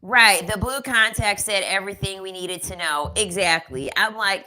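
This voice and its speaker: A woman's voice: mid-range voice, normal speed, few pauses, pushed and bright, low-quality recording. A woman giving a casual commentary rant, sassy and emphatic, often repeating her lines for effect. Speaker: commentary vlogger.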